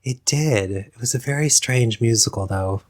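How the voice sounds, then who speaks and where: A man talking as a guest on a podcast, chatty and rambling in a relaxed conversational way. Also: mid-range voice, moderate pace, a loud crowd. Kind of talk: casual chat.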